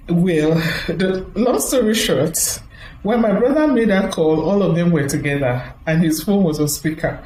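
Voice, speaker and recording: Lively woman telling a story in an echoey room. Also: on the low side, a little slow, a little hiss or hum. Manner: acts out quoted voices, lively and chatty. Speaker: motivational speaker. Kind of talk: storytelling address to an audience.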